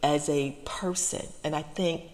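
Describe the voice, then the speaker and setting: A woman hosting an ASMR channel, talking in a halting, soft-spoken ramble from inside a parked car, close to tears, repeating herself with lots of fillers. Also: low voice, steady tone, long reverb tail.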